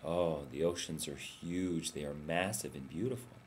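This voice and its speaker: Gentle, reassuring swan read by a man, deep and low, storybook telling. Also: moderate pace, a little hiss or hum. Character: gentle, patient great swan from the north.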